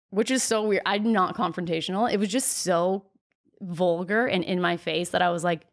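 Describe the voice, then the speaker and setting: A young woman in her twenties, a podcast guest, telling stories in a candid, chatty way with lots of "like" and quick laughs. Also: medium pitch, fairly even intonation. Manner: chatty storyteller, heavy use of "like", frequent laughs.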